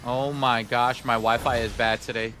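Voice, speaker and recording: A man's voice: medium pitch, flat delivery, moderate pace, bright, forceful tone, a little hiss or hum. A man streaming a video game live, chatting playfully to his viewers and whining in mock sadness. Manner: playful, talks to chat, mock-sad whining. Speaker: gaming streamer. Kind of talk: live gameplay commentary.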